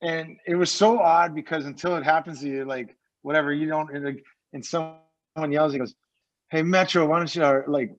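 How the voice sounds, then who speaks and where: A man's voice: on the high side, steady tone, brisk. A man, a former pro hockey player, telling loose, rambling stories as a podcast guest, swearing freely and acting out what others said. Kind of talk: casual podcast storytelling. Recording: dull lo-fi sound.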